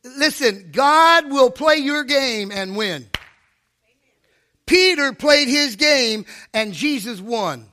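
A man preaching to a church, telling a story in an animated way and acting out his own inner voice. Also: very high-pitched, takes it slowly. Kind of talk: storytelling sermon.

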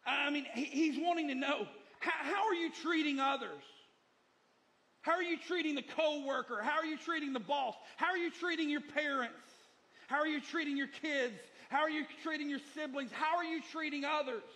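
A man's voice: extremely high pitch, normal speed, bright, forceful tone. A middle-aged male pastor preaching a sermon, emphatic and repetitive, moving between lessons and personal stories.

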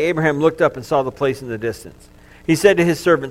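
Earnest preacher man, slightly high voice. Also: fast. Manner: earnest storytelling, swings from loud to hushed. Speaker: pastor. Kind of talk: sermon.

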